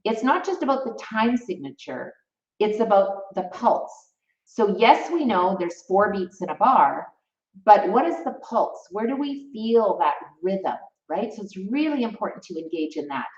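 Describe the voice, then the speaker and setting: A woman's voice: medium pitch, lively intonation, a little slow. A woman teaching music theory in a live stream, chatty and encouraging, reading out viewers' comments as she goes. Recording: roomy, distant, slightly dull mic.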